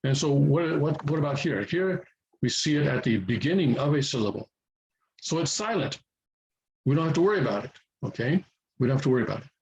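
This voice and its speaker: A native English-speaking man giving a language lesson, repeating himself often and pausing with fillers as he explains. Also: on the high side, lively intonation, darkish tone, a little hiss or hum, low-quality recording. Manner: repeats words, many fillers and restarts. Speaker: language teacher. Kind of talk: explaining at a whiteboard-style lesson.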